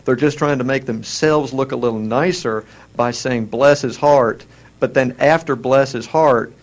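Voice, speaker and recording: A man's voice: medium pitch, measured pace. Man, Southern American accent, wry and self-mocking, stumbles and restarts, casual chat co-host.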